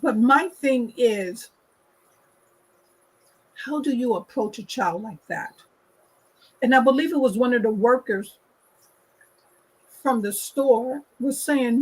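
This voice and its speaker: A woman host with a high, husky voice shares her opinions in a slow, unhurried way. She is emphatic, stresses her points, and repeats them for weight. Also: low-quality recording. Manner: emphatic, repeats points, acts out quoted people. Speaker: talk show host. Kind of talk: opinionated casual discussion.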